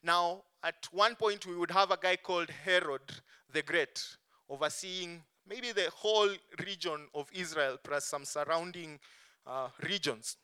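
A man preaching a sermon, stressing points strongly and letting phrase endings fall soft and low. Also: a little slow, smooth. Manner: emphatic, swings between strong stresses and soft dropped endings.

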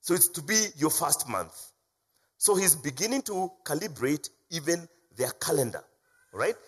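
A man preaching a sermon with a husky, slightly raised voice. His delivery is animated, rising to loud emphasis and dropping to low, hushed lines. The pitch moves widely as he preaches. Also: unhurried. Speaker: pastor.

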